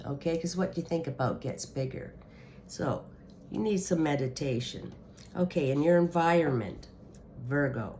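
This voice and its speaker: Woman, tarot reader, low pitch, reassuring, chatty direct address. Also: a little mellow, a little hiss or hum. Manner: reassuring, repeats "okay" and the listener's sign. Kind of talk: tarot reading video.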